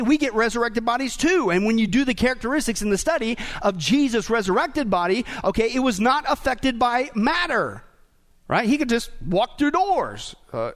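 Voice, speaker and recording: A man preaching a sermon as pastor, animated and humorous, tossing questions out to the congregation. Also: extremely high pitch. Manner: call-and-response questions to the congregation.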